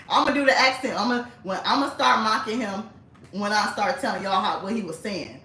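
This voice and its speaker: A woman's voice: mid-range voice, moderate pace, sharp tone, slight background noise. Blunt woman in an echoey room. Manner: blunt, chatty, frequent swearing and laughter. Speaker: vlogger. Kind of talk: casual storytelling. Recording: echoey room, mic at a distance.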